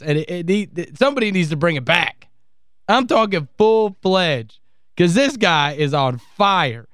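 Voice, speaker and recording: Gleeful high-voiced sports radio host. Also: male voice, a bit bright, smooth, dry recording, studio quality. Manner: gleeful, mocking, laughs often. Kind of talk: casual sports radio talk.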